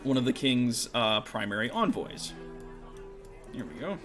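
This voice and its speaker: A man's voice: mid-range voice, big pitch swings, measured pace, a bit bright. A man runs a tabletop game in a casual, meandering way, stopping often on fillers. His voice swings up and down with animation. Faint music plays behind him. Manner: casual and rambling, full of fillers. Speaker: game master.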